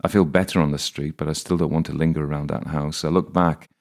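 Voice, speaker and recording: A man's voice: very deep voice, flat delivery, quick pace, darkish tone. A man narrating a first-person audiobook in a wry, dry manner.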